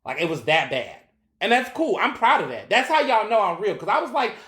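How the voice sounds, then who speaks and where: Animated man hosting a podcast, roomy sound. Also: high voice, a little fast. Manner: animated, profane, acts out quoted voices. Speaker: podcast host. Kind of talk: casual solo commentary. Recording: roomy echo.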